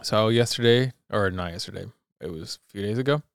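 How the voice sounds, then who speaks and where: A man's voice: lowish voice, fairly quick, gravelly, clear, resonant tone, no room sound, studio quality. A young adult man co-hosting a podcast, chatting casually and acting out sounds and quotes as he tells an anecdote. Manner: animated, acts out sounds and quotes. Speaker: podcast co-host. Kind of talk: casual storytelling chat.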